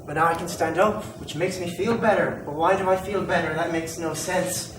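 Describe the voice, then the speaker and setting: A man's voice: a little high, steady tone, moderate pace, natural voice. A man playing a bewildered techno-human, roomy and distant. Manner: bewildered, questioning himself aloud. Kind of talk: amateur audio drama. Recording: roomy, distant mic, noisy background.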